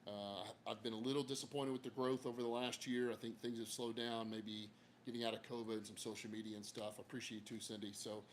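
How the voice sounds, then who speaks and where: A man's voice: on the low side, little pitch movement, quick pace, a little hiss or hum. Folksy, frank man on a porch. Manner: folksy, frank, mild cursing, many fillers. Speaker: therapist hosting a livestream. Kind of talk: casual livestream talk. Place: outdoor porch, hot, under a fan.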